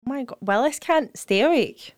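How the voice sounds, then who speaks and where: A woman's voice: sits high, lively intonation, moderate pace, no room sound, clean studio sound. A woman co-hosting a casual podcast, talking bluntly and matter-of-factly about her daughter's bedtime. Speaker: podcast co-host. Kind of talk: casual chat.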